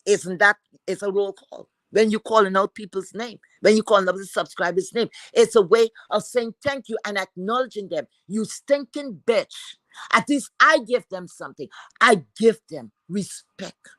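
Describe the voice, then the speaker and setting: A woman's voice: medium pitch, moderate pace, few pauses, fairly bright tone, no room sound. A woman from Philadelphia hosting a livestream, ranting and taunting a rival with heavy profanity. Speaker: livestream host.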